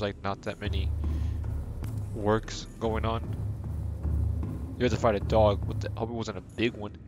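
A young man streaming a video game live, chatting to his viewers in a rambling, playful, self-deprecating way. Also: lowish voice. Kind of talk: casual live-stream chat while gaming. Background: game music.

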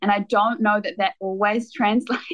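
A woman's voice: medium pitch, fairly even intonation, moderate pace, low-quality recording. New Zealand woman musician, laughs often. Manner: laughs often, hesitant restarts. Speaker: guest musician. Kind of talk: casual interview chat.

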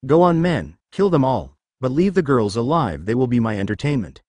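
A man's voice: mid-range voice, big pitch swings, normal speed, darkish tone, no room sound. A man voicing a short, greedy and cruel crime boss who sneers and gloats. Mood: gloating.

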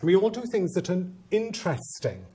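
A man who is a head teacher, giving a conference talk and telling a story with humor and animated, self-mocking asides. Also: sits high, normal speed.

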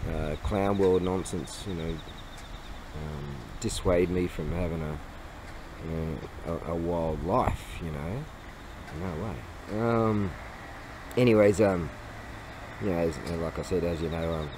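A man's voice: low voice, noisy background. A man vlogging in a casual, rambling way, with lots of fillers and frequent chuckles as he tells stories. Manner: laughing, rambling storyteller with many fillers.

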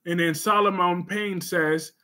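Guy hosting a chatty livestream, slow and sassy, loud bursts now and then. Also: high-pitched, steady tone. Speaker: livestream host reading comments. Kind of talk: casual livestream chat.

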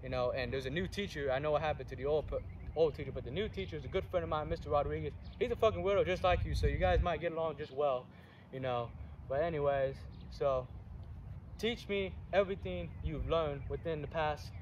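An actor playing a hot-tempered, foul-mouthed fight instructor who curses and blusters, recorded outdoors. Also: male voice, fairly high pitch, fairly quick, dull audio, close to an everyday voice. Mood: gruff. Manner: cursing, blustering, filler-heavy. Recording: distant mic, clear outdoor noise.

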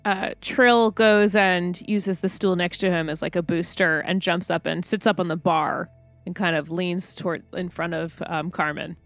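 A woman describing her character's moves in a tabletop game in a relaxed way. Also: lowish voice, normal speed, dry recording, soft background music. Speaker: player.

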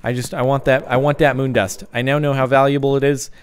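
A young man giving jokey, excitable let's-play commentary, breaking into yelps and sing-song chants. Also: medium pitch, quick pace, slight background noise. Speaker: gaming YouTuber.

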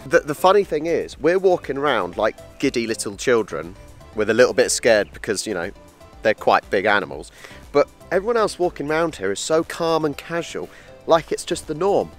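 Man, travel vlogger, excitable, chatty, outdoors, faint music behind. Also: mid-range voice, normal speed. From England. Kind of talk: casual travel vlog chat. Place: outdoor wildlife park.

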